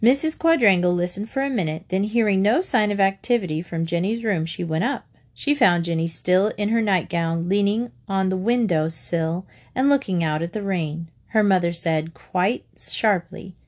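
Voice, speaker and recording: A woman's voice: normal speed, few pauses. Woman reading a children's storybook aloud. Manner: lively, raises pitch for children's lines. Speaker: audiobook reader. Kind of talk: storybook narration with character voices.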